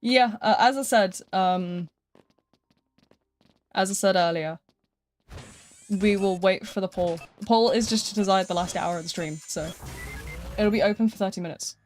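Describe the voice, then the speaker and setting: A woman's voice: medium pitch, normal speed, pauses often, soft background music. A young British woman chatting casually and playfully on a live game stream, laughing often between remarks. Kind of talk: casual live-stream chat while gaming.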